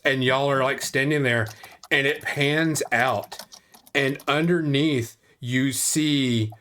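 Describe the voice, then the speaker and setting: A man narrating a tabletop game as game master, in a casual, drawn-out storytelling way. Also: medium pitch, a bit bright.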